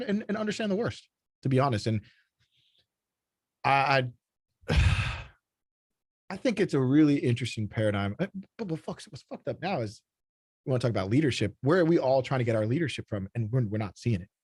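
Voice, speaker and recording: Man, from Texas, blunt, swears freely, lively rising and falling pitch, dry close sound. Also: a little fast, pauses often, slightly rough, no echo. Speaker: guest, startup founder. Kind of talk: casual podcast conversation.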